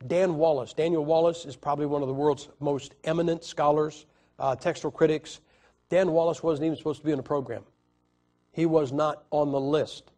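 A man preaching a sermon, telling a story with many halting restarts and swings from loud to quiet. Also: fairly high pitch. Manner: halting, repeats words and restarts. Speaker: evangelist preacher.

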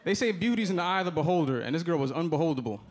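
A man's voice: on the high side, lively intonation, racing. A man from the Dominican Republic doing a stand-up set on a comedy club stage, talking in a loose, conversational way with asides to the audience. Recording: live club, crowd laughter and room noise.

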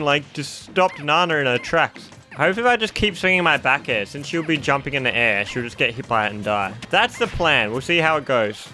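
A gaming YouTuber delivers fast, excitable, jokey let's-play commentary on his own game, often exclaiming and talking to himself as he plays. His slightly high voice comes across bright and forceful on a close mic, with faint game music in the background.

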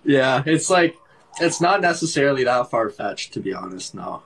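A man's voice: mid-range voice, sing-song, moderate pace, vocal fry, fairly bright tone, breathy edge, low-quality recording. A man with a Canadian accent chatting casually on a livestream, laid-back and laughing often, with lots of "like". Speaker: livestream host.

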